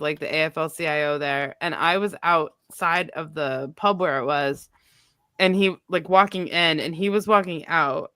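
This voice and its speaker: Woman, congested with a cold, lively and profane banter, bright tone, dry close sound. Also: lowish voice, no room sound. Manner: animated, swearing, laughing storyteller. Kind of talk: casual political banter.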